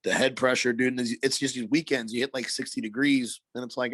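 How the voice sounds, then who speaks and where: A man co-hosting a hockey podcast in casual chat, slightly raspy from allergies, talking loosely with lots of filler and slang. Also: medium pitch, fairly even intonation, fast talker, hardly any pauses, fairly bright tone, no echo. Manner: loose, rambling, heavy filler words and slang. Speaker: podcast co-host.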